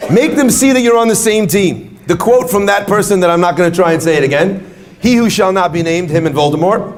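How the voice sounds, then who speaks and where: A man's voice: sits high, a little fast. A man giving an inspirational talk to an audience, telling stories and joking with the crowd. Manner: animated storyteller, jokes with the crowd. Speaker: speaker at a retreat.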